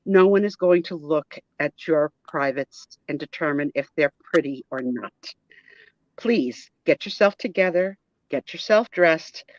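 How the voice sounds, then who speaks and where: A woman voicing a stern, blunt female nurse who speaks briskly and scolds. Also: deep voice, no echo. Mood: scolding. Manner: brisk, scolding, matter-of-fact. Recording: dull lo-fi dry sound.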